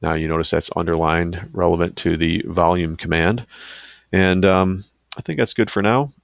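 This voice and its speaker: Deep, gravelly man talking through a tutorial. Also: steady tone, moderate pace, dry recording. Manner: casual, loose, with fillers and asides. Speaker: teacher giving a software tutorial. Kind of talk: screen-recorded tutorial.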